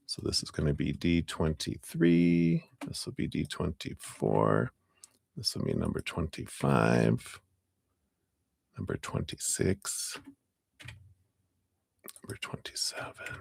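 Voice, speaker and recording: Gravelly low-voiced man hosting live tarot readings. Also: darkish tone. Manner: apologetic, chatty, laughs often. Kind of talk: casual live-stream chat.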